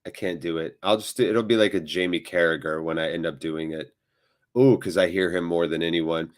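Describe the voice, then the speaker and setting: A man hosting a live football watchalong, commentating on the match and chatting with viewers, with loud reactions to big moments. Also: deep voice, fairly even intonation, a little fast. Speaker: watchalong host.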